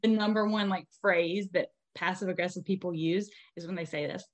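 A woman's voice: lowish voice, brisk. Blunt, profane young woman podcast host. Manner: blunt, profane, animated storytelling. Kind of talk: casual podcast chat.

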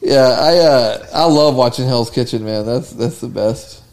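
A man's voice: medium pitch, a little slow, vocal fry. A man co-hosting a podcast in casual chat, laughing often and retelling a TV clip with acted-out quotes. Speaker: podcast co-host.

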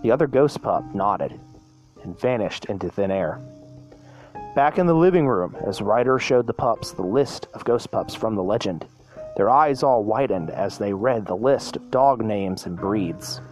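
A man's voice: fairly low pitch, expressive, a little slow, a little mellow, faint music behind. A man reading a fan story aloud in a plain voice, sometimes stumbling and restarting.

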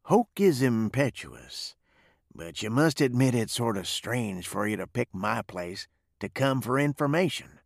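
A cool, ironic outlaw boss in a western audiobook, read by a man. He drawls with a lively, rising and falling pitch and a gravelly edge. The sound is close and dry. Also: measured pace, no echo, heavily acted. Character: cool, sarcastic male gang boss, menacing.

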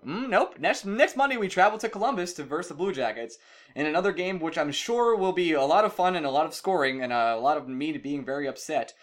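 A man in casual podcast banter, with a voice that sits a little high and swings widely in pitch. His delivery is playful and teasing, and he laughs readily. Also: lively intonation, brisk. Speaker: podcast co-host.

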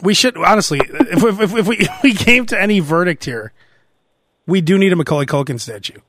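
A podcast host chats casually, telling stories in a brisk, high-sitting voice. He's an animated storyteller who laughs a lot and acts out the quotes.

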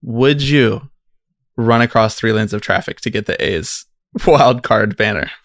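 A man co-hosting a podcast in loose, joking chat, with a gravelly edge at mid pitch. He laughs often between dry asides. The recording is close and dry, with no room sound. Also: unhurried, no echo. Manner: laughs often, quotes clips dryly. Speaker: podcast co-host. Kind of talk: casual chat.

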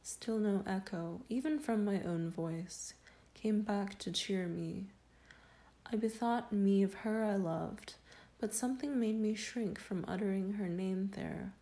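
A woman reading a first-person story aloud in a slow, solemn and measured way. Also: medium pitch, dark tone. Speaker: reader. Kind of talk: dramatic audiobook narration.

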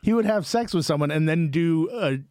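Comedian dude chatting, laughs a lot, slightly high voice, dry. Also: male voice, a little mellow, no room sound. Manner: laughs often, quick asides. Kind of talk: casual comedy podcast chat.

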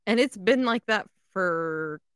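A woman's voice: medium pitch, expressive, takes it slowly, fairly bright tone, smooth, no echo. Woman, casual podcast banter, teasing quips, dry close mic. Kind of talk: casual chat.

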